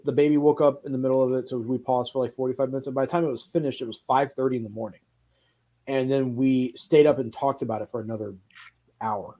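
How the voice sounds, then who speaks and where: A man co-hosting a casual film podcast, telling lively stories and swearing freely. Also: mid-range voice. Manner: animated storyteller, swears casually. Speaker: podcast co-host. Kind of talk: casual chat.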